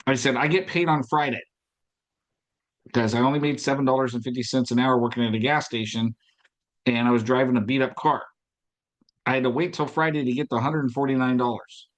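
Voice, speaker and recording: A man hosting a podcast, giving an emphatic motivational talk on sales, repeating key points and acting out past conversations. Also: mid-range voice. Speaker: podcast host and business coach.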